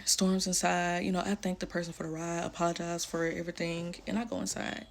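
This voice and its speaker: A woman's voice: mid-range voice, gravelly, slight background noise. A woman telling a personal story candidly, blunt and emotional, with casual slang.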